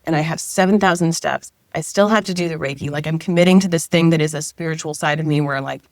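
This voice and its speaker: A woman's voice: low voice, fast talker, dry recording, studio quality. A middle-aged woman, a guest, telling a personal story in a casual, chatty way, often saying 'like' and voicing her own past thoughts aloud.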